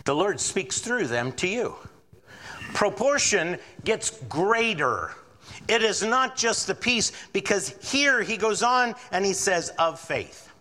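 A man's voice: high-pitched, slow pace, in a large hall. A man preaching a sermon as pastor, acting out the voices of doubters and worriers as he goes. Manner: animated preaching, acts out quoted doubters.

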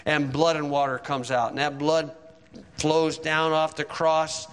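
A man's voice: fairly high pitch, level tone, unhurried, smooth, long reverb tail. A man preaching a sermon, retelling events in vivid, dramatic storytelling.

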